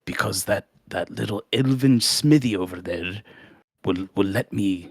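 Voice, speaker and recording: A man voicing a polite, smooth-talking male dwarf adventurer in a tabletop game. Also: on the low side, no room sound, clean studio sound. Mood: courteous. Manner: polite, halting.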